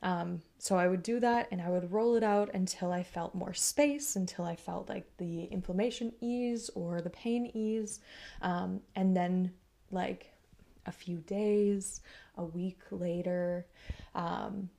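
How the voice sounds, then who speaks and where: Young woman, podcast host, low gravelly voice, soft rambling storytelling with whispered asides. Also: fairly even intonation, slow. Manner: soft-spoken, many fillers, drifts into whispers. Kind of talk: personal storytelling.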